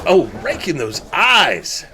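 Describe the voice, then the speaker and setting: A man calling a wrestling match play-by-play, excitable and often shouting at the big moves. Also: sits high, slow, noisy background. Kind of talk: live sports commentary.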